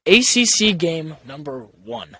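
A man's voice: a little high, big pitch swings, a little slow, pushed and bright. A young man hosting a casual sports chat show, teasing his co-hosts as he runs the segments. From Italian-American family. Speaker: podcast host.

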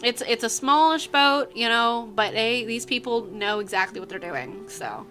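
A woman's voice: fairly high pitch, animated, moderate pace, sharp tone, soft background music. A woman narrating as game master, rambling with many fillers. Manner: rambling, filler-heavy, casual.

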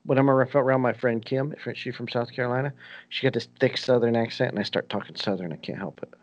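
Man, mid pitch, dull dry lo-fi recording, easygoing podcast co-host. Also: fast talker, no echo. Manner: easygoing, chatty asides. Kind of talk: casual chat.

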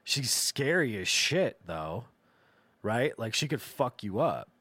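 A man's voice: mid-range voice, big pitch swings, takes it slowly, sharp tone, breathy edge, dry recording. A man hosting a comedy podcast, telling rambling, profane stories about his family. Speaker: podcast host. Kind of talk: comedic storytelling monologue.

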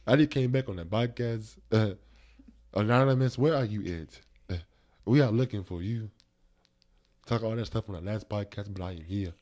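A man's voice: fairly low pitch, moderate pace, a little mellow. A man hosting a podcast in casual chat, reflective and rambling, with many fillers and restarts. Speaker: podcast host.

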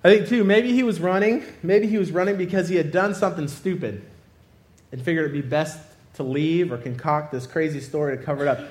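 In an echoey room, a young man whose voice sits on the high side and sounds a little mellow delivers a sermon at a fairly quick pace. He tells a comic story from his own life, laughing a lot, then draws a lesson from it.

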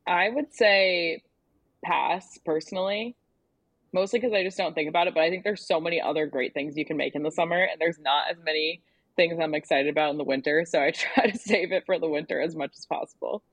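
A woman food creator guesting on a podcast, upbeat and relaxed, laughing often as she chats. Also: deep voice, fairly quick, breathy edge, no room sound. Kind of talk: casual interview chat.

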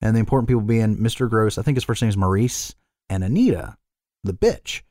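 A man's voice: fairly low pitch, expressive, fairly quick, warm tone, no echo, clean studio sound. Laid-back man recapping a film. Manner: swears freely, rambling retelling with fillers. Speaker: podcast co-host. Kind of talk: casual chat recapping a film.

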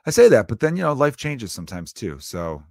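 A man's voice: medium pitch, big pitch swings, a little fast, creaky, a little mellow, no echo, clean studio sound. A man in his thirties, a stand-up comedian, talking in a casual solo monologue that rambles, swears freely and is full of fillers. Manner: rambling and profane, with frequent fillers.

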